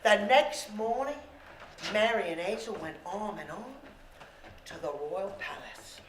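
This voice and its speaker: Animated woman telling a story. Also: medium pitch, unhurried, a crowd in the background. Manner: animated, asks listeners questions and banters. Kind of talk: live storytelling to an audience. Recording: roomy with faint background noise.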